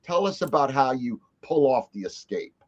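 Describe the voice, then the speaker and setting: Guy hosting a chat show, animated, laughs a lot, kinda muffled lo-fi audio. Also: mid-range voice, moderate pace. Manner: animated, laughs through his stories. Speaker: podcast host. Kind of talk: casual interview chat. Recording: dull lo-fi recording.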